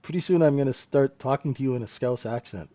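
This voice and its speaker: A man's voice: medium pitch, fast, dark tone, dry recording, lo-fi sound. A middle-aged man hosting a live trading room, chatting casually and joking with viewers, laughing often. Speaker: trading room host and mentor.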